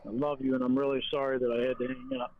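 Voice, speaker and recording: A man's voice: mid-range voice, level tone, quick pace, natural voice. A man playing a jealous, possessive lover who talks bitterly and swears over a phone call. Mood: resentful. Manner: bitter, sneering and profane.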